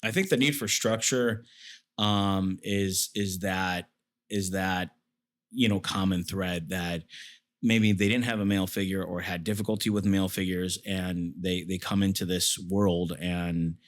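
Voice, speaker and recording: Rambling man telling stories, lowish voice. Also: steady tone, measured pace. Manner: rambling, many fillers and restarts. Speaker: interview guest; military veteran. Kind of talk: casual storytelling.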